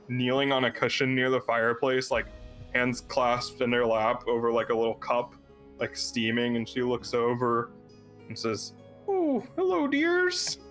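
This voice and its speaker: A man's voice: mid-range voice, fairly bright tone. A man running a tabletop game as dungeon master, narrating loosely with many fillers and frequent laughs.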